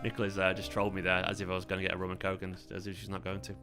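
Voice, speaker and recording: A man's voice: low voice, completely flat delivery, very fast. A young man, hosting a fan channel livestream in a casual, rambling chat, his voice tired. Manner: rambling, laid-back, chatty with fillers. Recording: faint guitar music behind.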